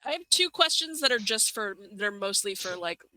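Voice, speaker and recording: A player in a tabletop game asks curious, careful questions in a very bright, sharp voice. The pitch sits in an ordinary middle range. The sound is dry and close. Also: lively intonation, normal speed, no room sound, low-quality recording. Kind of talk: casual tabletop game play.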